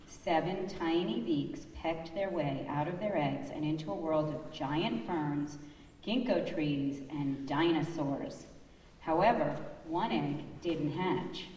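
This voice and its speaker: A woman telling children a story in church, reading a storybook slowly and expressively. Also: sits low, mellow, slight background noise. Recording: echoey church hall, far off.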